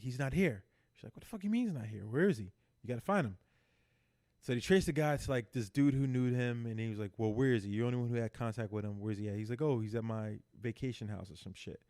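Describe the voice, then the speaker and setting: A man co-hosting a podcast, excitedly retelling a TV episode in casual chat, acting out the characters and swearing freely. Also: mid-range voice. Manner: animated storyteller acting out characters, heavy swearing. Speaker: podcast co-host.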